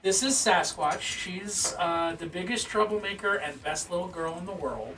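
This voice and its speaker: Guy on a stream reading tabletop rules out loud and riffing on them, kinda high bright voice, swears a bit, faint music behind. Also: moderate pace, few pauses. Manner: reads game rules aloud, then reacts with casual, swearing asides. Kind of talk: casual livestream commentary.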